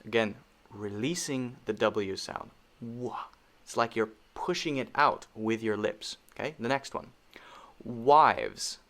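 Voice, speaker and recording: In this spoken lesson, a man with a mid-range, sharp-toned voice teaches pronunciation. He stays patient, demonstrating each sound through repeated examples.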